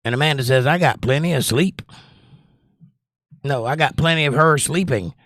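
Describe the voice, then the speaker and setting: A man's voice: fairly high pitch, normal speed, a bit bright, dry recording. Guy hosting a chill livestream, rambles and reads chat, dry voice no room sound. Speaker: livestream host. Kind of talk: casual chat reading viewer comments.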